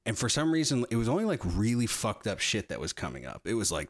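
A man's voice: a little fast, few pauses. Profane young man telling a story. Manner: profane, animated storytelling with swings in pitch. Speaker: podcast co-host. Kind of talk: casual storytelling chat.

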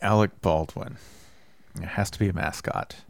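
A man co-hosting a comedy podcast, riffing with fillers and quick high laughs. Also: creaky. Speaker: podcast co-host. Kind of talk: casual comedic chat.

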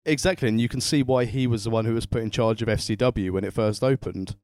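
A man's voice: medium pitch, fast, a little mellow, no room sound, studio quality. A man co-hosting a casual wrestling podcast, slipping wry jokes into his points. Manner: wry, joking asides. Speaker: podcast co-host. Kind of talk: casual chat reviewing wrestling.

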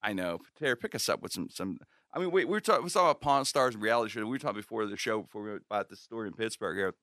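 A middle-aged man hosting a show and telling a long story in casual chat. He is animated, swears freely and acts out the people in his tales. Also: lowish voice, rapid-fire, dry recording, clean studio sound. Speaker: show host.

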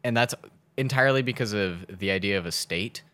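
A young man with a fairly low voice rambles through his points in relaxed chat, swearing casually and often restarting his sentences. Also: a little fast, clear, resonant tone.

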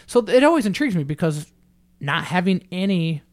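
A man's voice: high voice, very animated, a little fast. A man hosting a casual podcast, asking rambling, friendly questions and telling his own story. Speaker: podcast host. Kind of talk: casual interview.

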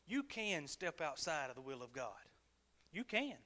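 A man's voice: on the high side, big pitch swings, moderate pace, pushed and bright. A male pastor preaching a folksy, humorous sermon in a church service, earnest and colloquial, often chuckling.

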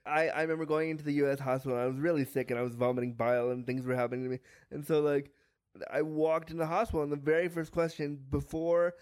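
A man from Canada, a guest on a podcast, talking frankly and lively, acting out what other people say with humor. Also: on the high side, fast, clean tone, no room sound. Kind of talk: candid podcast interview.

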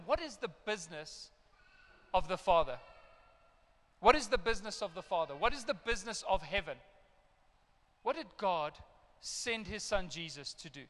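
Middle-aged male pastor, bright tenor, lively sermon storytelling, long church reverb. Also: high voice. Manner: animated storytelling with acted parental outbursts.

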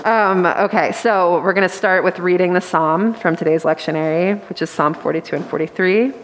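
Soft-spoken nervous woman preaching. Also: fairly low pitch, big-room sound. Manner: soft-spoken, a little nervous, many ums. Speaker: guest preacher. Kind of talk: church talk and scripture reading. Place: church meeting room.

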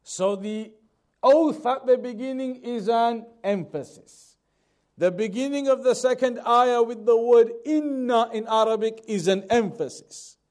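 A man teaching a lesson on Quran commentary, repeating key points and reading Arabic quickly before translating it slowly. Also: very high voice, darkish tone. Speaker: Islamic teacher.

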